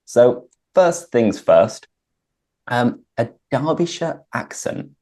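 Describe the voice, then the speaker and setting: A man's voice: mid-range voice, animated, slow pace, mellow. A British man hosting an English lesson chat, breaking down idioms and phrasal verbs on a video call. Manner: explains vocabulary clearly. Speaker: host, English teacher. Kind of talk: casual conversation, teaching.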